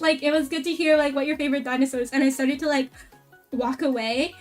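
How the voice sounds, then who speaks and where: A woman VTuber streamer chatting casually, excitable and rambling, with a lot of "like" fillers. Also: high-pitched, a little fast, far from the mic, soft background music. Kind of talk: casual stream chat recap.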